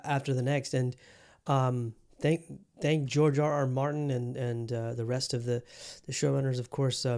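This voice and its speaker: A man's voice: mid-range voice, a little mellow. A man hosting a podcast, chatting casually about television in a rambling, enthusiastic way, with frequent restarts and casual swearing. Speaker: podcast host. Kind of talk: casual review chat.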